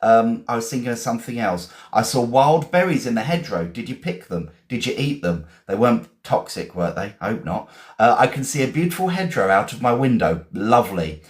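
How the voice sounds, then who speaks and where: A man's voice: medium pitch, expressive, brisk. Encouraging man teaching vocabulary. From England. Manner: encouraging, repeats and spells words. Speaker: English teacher. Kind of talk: live-stream vocabulary lesson.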